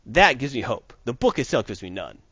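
A man's voice: mid-range voice, sing-song, brisk, fairly bright tone, slightly rough, dry recording. A man reviewing a comic book in a casual podcast chat, rambling and opinionated. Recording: dull dry lo-fi recording.

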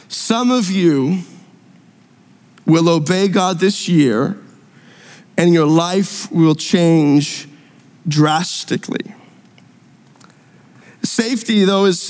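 Slow-preaching man in an echoing hall. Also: sits high, a little mellow. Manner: earnest, repetitive emphasis with drawn-out key words. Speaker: pastor. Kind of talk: sermon. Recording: long reverb in a large hall.

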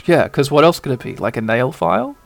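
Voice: medium pitch, very animated, fairly quick, vocal fry. A podcast narrator retelling a game's cutscenes as a bedtime story, rambling with playful asides.

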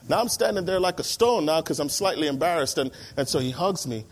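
A man's voice: fairly high pitch, a little fast, few pauses. A man, a pastor, telling a story from the pulpit and acting out the dialogue of the people in it. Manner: animated storyteller, acts out dialogue. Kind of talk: storytelling sermon.

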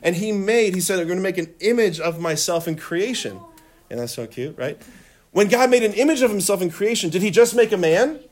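A man teaching a room of children, his voice lively and a little raised. He laughs easily, asks questions and leads the group in chanting phrases back. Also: sits high, a little fast. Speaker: religion teacher. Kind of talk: classroom teaching with call-and-response. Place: classroom.

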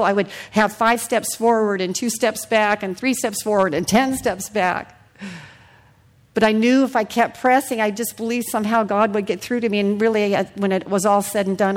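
A woman preaching a sermon in a church hall, earnest and personal, sharing her testimony and sometimes dropping her voice to a hush. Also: medium pitch, steady tone, brisk. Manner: earnest, personal testimony with soft hushed passages.

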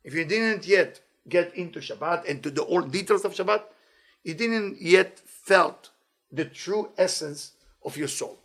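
A man giving a weekly inspirational Torah talk as a teacher, animated and playful, in non-native English phrasing. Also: high voice, a little slow.

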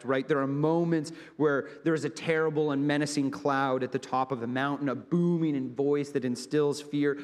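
A man giving a conversational, humorous sermon as a guest preacher, sometimes stumbling and repeating words. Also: fairly high pitch. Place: church hall. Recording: long hall reverb.

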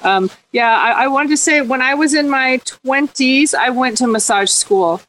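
A woman's voice: high-pitched, moderate pace, fairly bright tone, rough recording. A woman sharing a personal story, earnest and reflective, in a casual group conversation.

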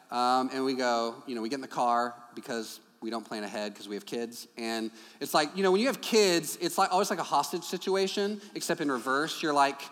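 A man preaching a sermon, telling stories and acting out dialogue in a hushed low voice. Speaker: pastor. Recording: long reverb from a large hall.

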